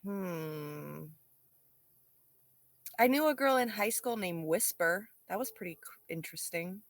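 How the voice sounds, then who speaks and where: This is a woman co-hosting a casual chat, chiming in with short, quiet reactions. She talks slowly, and her pitch rises and falls in a lively, sing-song way. The sound is close and dry. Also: no room sound.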